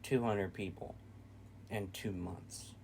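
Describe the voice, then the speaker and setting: Blunt, lower-voiced man. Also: steady tone, slow, vocal fry, darkish tone, a little hiss or hum. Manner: blunt, opinionated, swears freely. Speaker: reaction video co-host. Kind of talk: casual chat.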